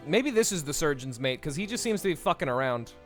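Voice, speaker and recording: A man's voice: a little high, sing-song, quick pace, a bit bright, soft background music. A man streaming a game, thinking aloud in a playful, rambling way and swearing casually as he talks to chat.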